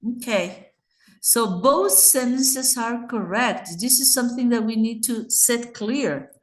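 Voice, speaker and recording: A woman's voice: fairly high pitch, takes it slowly, roomy sound. A woman with a Mexican Spanish accent teaching English grammar in an online class, patiently explaining and checking in with her students.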